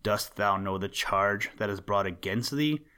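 A man's voice: fairly low pitch, measured pace, pushed and bright, clear, resonant tone. A man reading the lines of a stern, solemn king in a storybook tale. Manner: stern, formal questioning.

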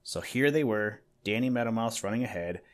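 Low-voiced man reading a storybook. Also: lively intonation, fairly quick. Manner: gentle, addressing the listener. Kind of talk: storybook narration.

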